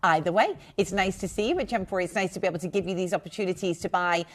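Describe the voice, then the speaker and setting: A woman presenting live jewellery sales on a shopping channel, chatty and gushing with quick asides. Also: lowish voice.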